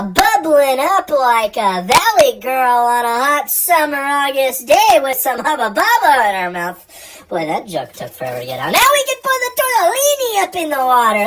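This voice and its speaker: Woman, comedic home-cooking host; rambling, self-mocking jokes, stumbles; animated, slightly high voice. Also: noisy background. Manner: rambling, jokey, stumbles over words. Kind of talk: casual comedic cooking video.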